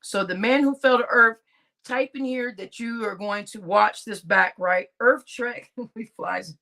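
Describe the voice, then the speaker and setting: A woman's voice: fairly high pitch, a little slow, gravelly, sharp tone. A woman hosting a casual live stream, chatting and laughing with her viewers and addressing them as y'all. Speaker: livestream host.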